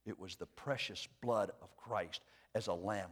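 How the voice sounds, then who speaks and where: A man with a low-ish voice preaches a sermon at an unhurried pace, moving from hushed, quiet phrases to loud, emphatic declarations. He slips in light jokes for the congregation.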